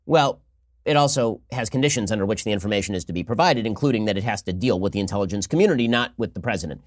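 Man, political commentary, very fast talker, sarcastic, dry close mic. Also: on the low side, no echo. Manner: rapid-fire, sarcastic, acts out mock dialogues.

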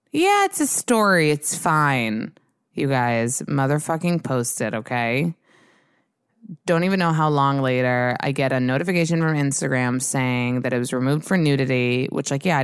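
A woman's voice: deep voice, clean tone, no room sound, clean studio sound. A young woman hosting a podcast, telling a story in a casual solo rant, chatty and self-mocking with plenty of swearing. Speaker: podcast host.

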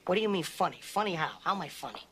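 An actor playing a menacing, hot-tempered gangster in a film scene, needling and profane. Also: male voice, high-pitched, animated, racing, sharp tone, slight background noise.

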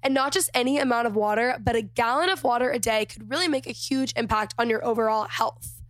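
A woman hosting her podcast in a chatty, gushing way, tired and a little hoarse from losing her voice. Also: fairly high pitch, fast, no echo. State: slightly lost voice, tired. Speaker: podcast host. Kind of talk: casual podcast intro and ad read.

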